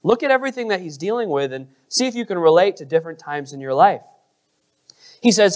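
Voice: medium pitch, lively intonation, fairly quick. A pastor preaching a sermon, asking the congregation questions and stressing words expressively.

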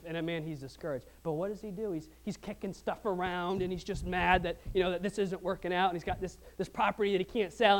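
Brief: high-voiced man preaching, lively storyteller, drops quiet then builds loud. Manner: animated storytelling, swings from hushed to shouting. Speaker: pastor. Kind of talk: sermon.

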